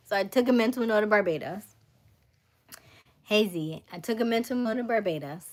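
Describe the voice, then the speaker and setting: A woman hosting a livestream, telling a story in a casual, animated way with frequent laughter. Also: mid-range voice, measured pace, pauses often. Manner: animated, laughing, acts out voices. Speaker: livestream host.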